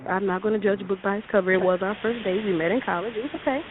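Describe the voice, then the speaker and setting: A woman phones in to a radio talk show and tells her story in a lively, chatty way, laughing and acting out other people's lines. Her voice comes through a thin, tinny phone line with a faint hiss behind it. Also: medium pitch, racing. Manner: animated, laughing, acts out quotes. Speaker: caller. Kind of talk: casual storytelling on call-in radio.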